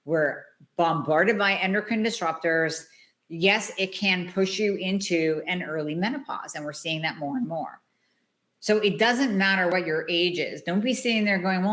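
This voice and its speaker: A woman's voice: lowish voice, a bit bright. A woman hosting a solo health podcast, talking in a blunt, emphatic, conversational way. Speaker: podcast host, hormone doctor.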